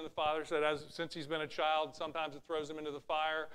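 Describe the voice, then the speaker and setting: A man's voice: a little high, monotone, fast, fairly bright tone, smooth. A man preaching a sermon, teaching from scripture with rhetorical questions and acting out Bible scenes in raised voices. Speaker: pastor.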